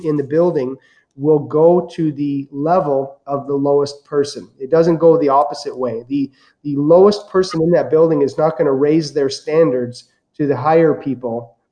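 Male guest, lively anecdotal storyteller, mellow tone. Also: fairly high pitch. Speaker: guest real estate investor. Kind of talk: casual storytelling.

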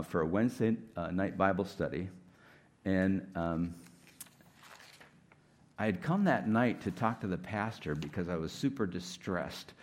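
A middle-aged man giving a conversational sermon as a guest speaker, candid and self-deprecating, with many "like" fillers. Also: low-pitched.

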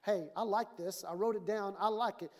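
A woman pastor delivers a sermon in a church with emphatic, conversational force. She asks her listeners direct questions and drops into quick acted-out voices to make a point. Her pitch sits in an ordinary middle range for a woman. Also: a little mellow. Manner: emphatic, conversational preaching that acts out quoted voices.

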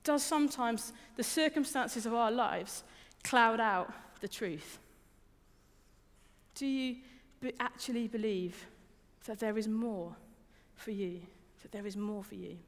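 This young adult woman delivers her sermon slowly, her voice on the high side. She keeps things conversational, informal, and personal, often repeating words and questioning her audience. The recording has the reverb of a large hall.

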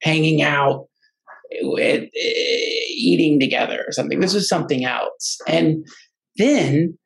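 A man's voice: on the high side, unhurried, vocal fry, low-quality recording. A man, a podcast guest, telling an earnest personal story in casual, rambling talk full of restarts and fillers. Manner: emotional, earnest.

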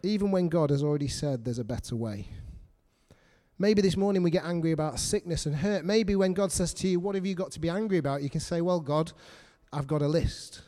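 High-voiced earnest male preacher. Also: mellow. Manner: earnest, repetitive, asks congregation questions. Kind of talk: sermon.

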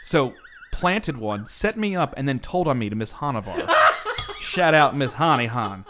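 A man's voice: fairly high pitch, lively intonation, brisk, noisy background. A man co-hosting a podcast, telling profane childhood stories in casual chat with frequent laughter. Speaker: podcast co-host.

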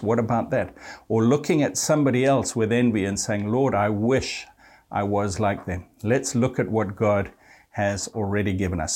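Man preaching a gentle sermon. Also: fairly low pitch. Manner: warm pastoral address to listeners, quoting scripture.

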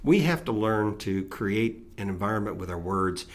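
A man from Tennessee and North Georgia co-hosting a casual talk, explaining things in drawn-out stories. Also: on the low side, expressive. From Tennessee and North Georgia, United States. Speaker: co-host. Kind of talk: casual chat.

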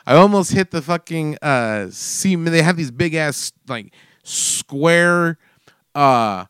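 A man's voice: a little high, lively intonation, takes it slowly, fairly bright tone, clear, resonant tone, no room sound, studio quality. A man in his forties telling a story in casual chat, swearing freely and acting out the voices in his own mishap. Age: 40s.

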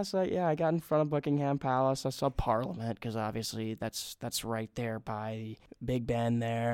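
A man's voice: medium pitch, gravelly, darkish tone, no room sound, studio quality. A young man casually recounting a trip, rambling and chatty, often breaking into laughter. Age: young adult. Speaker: podcast host. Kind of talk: casual travel storytelling.

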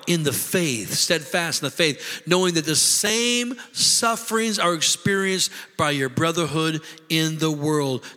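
Bright-voiced preaching pastor in echoing hall. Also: male voice, fairly high pitch. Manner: impassioned, conversational preaching with repetitions. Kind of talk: sermon. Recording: long hall reverb.

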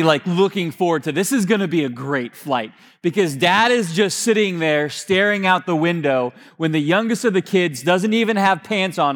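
A man with a high-pitched voice preaches a sermon, spinning an anecdote in relaxed, conversational language full of restarts. His delivery drops to quiet, hushed tones for emphasis. The sound carries the long reverb of a church sanctuary. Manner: conversational, with frequent fillers and restarts. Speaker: pastor.

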